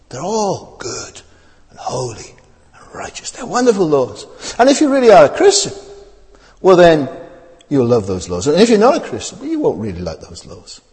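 A man preaching a sermon, asking his listeners many rhetorical questions as his voice rises and falls. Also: medium pitch. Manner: rhetorical questions, lively rising and falling delivery. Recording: long hall reverb.

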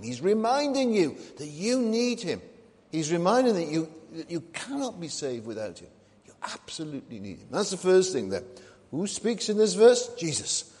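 Man, minister, sermon, lively rising and falling pitch, long hall reverb. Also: moderate pace. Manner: conversational preaching, asks and answers his own questions.

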